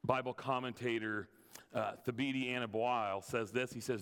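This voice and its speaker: A man's voice: mid-range voice, fairly even intonation, normal speed, fairly bright tone, clean tone. Man, pastor, conversational sermon, earnest, repeats words, long church reverb. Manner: earnest, repeats words when starting sentences, laughs lightly.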